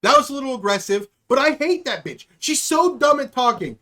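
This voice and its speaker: A man's voice: very high-pitched, animated, fairly quick, few pauses, pushed and bright. A male comedian hosting a live-streamed podcast, ranting heatedly and swearing freely.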